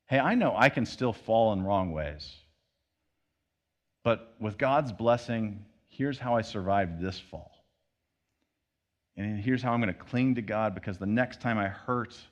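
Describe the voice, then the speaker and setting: A man's voice: fairly low pitch, dull audio. A man preaching a sermon in a conversational way, acting out everyday voices as he goes. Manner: conversational preaching with acted-out quotes. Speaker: pastor.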